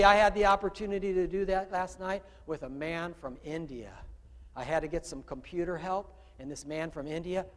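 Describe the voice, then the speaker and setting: Pastor, male, high voice, chatty sermon that swings from soft asides to loud calls, long hall reverb. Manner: conversational preaching, asks the congregation questions, swings from quiet to loud. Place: church room with a congregation.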